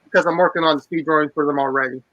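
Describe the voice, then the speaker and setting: A man's voice: on the high side, steady tone, rapid-fire, bright, forceful tone, dry recording, dull audio. A man guesting on a casual stream, speaking politely and hesitantly. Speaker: guest artist. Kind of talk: casual chat.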